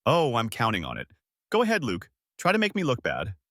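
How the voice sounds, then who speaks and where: A man voicing a smug, combative young woman who brags and mocks in a sharp tone. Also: mid-range voice, wildly swooping pitch, fairly quick, no echo, clean studio sound. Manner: mocking, boastful, sharp.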